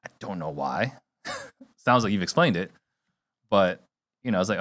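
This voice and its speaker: A man's voice: fairly low pitch, moderate pace, pauses often, a bit bright, no echo. A man hosting a business podcast, telling a rambling personal anecdote and giving short acknowledgements. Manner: conversational, rambling anecdote, backchannels. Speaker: podcast host. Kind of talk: podcast interview.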